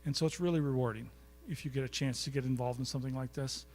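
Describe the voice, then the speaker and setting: A man's voice: mid-range voice, fairly even intonation, quick pace, a little mellow, slight background noise. A man giving a storytelling lecture to a live audience in a college recital hall, chatty and anecdotal, often quizzing the crowd. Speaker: guest speaker.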